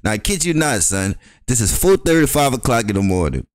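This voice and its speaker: Young male podcast co-host, mid pitch, spins a rowdy story full of laughs and put-on voices, close dry mic. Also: very animated, fairly quick, dry recording. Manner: loud, laughing, acts out voices in his stories. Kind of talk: animated storytelling.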